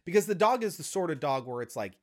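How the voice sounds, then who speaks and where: A man co-hosting a podcast, chatting casually about a film in an animated, profane way with quick asides. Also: fairly high pitch. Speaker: podcast co-host.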